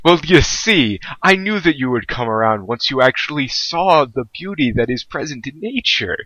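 A man playing a polite, formal academic dean in a tabletop game. His voice is bright and clear and recorded dry. He speaks with stiff courtesy. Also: mid-range voice, lively intonation, normal speed, no echo, highs cut off. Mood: courteous.

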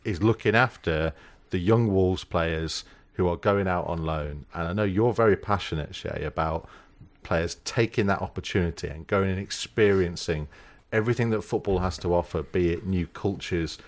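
A male podcast host with a fairly low voice. He talks in a relaxed, chatty way and tells stories with a teasing edge. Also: normal speed, hardly any pauses. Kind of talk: casual chat.

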